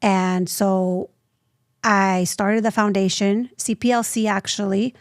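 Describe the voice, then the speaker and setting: A woman in her thirties, a nonprofit founder telling her story as an interview guest, lively and acting out the voices she quotes. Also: mid-range voice, takes it slowly, dry recording, clean studio sound. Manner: animated, acts out quoted voices.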